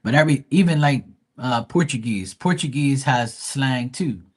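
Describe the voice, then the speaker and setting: Bermudian guy chatting on a live stream, slangy, animated, talks like he's telling stories to friends. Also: medium pitch, normal speed, breathy edge. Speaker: live tarot reader. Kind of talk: casual live-stream chat.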